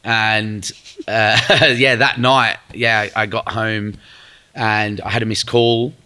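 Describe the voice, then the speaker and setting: A man's voice: fairly low pitch, level tone, slow, pushed and bright, clear, resonant tone. A young man telling a rambling story in a casual podcast chat, swearing freely and using lots of fillers. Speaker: guest musician.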